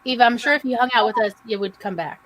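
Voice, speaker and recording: A chatty woman with a Southern American accent co-hosts a casual livestream, reading viewers' comments aloud and adding her own asides. Her voice sits a little high for a woman. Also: fast talker, fairly bright tone, slight background noise, low-quality recording. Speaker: podcast co-host.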